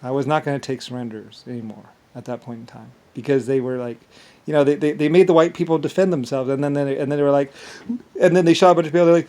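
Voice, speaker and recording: A man rambling in a halting monologue. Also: a little high, fairly even intonation, a little mellow. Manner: halting, repeats words, trails off. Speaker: vlogger.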